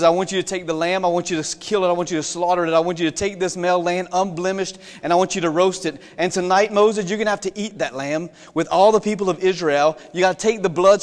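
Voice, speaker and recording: A man's voice: high-pitched, close to an everyday voice. A man voicing God as a commanding divine figure laying out instructions one by one, heard with long hall reverb. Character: God, a commanding male divine voice giving orders.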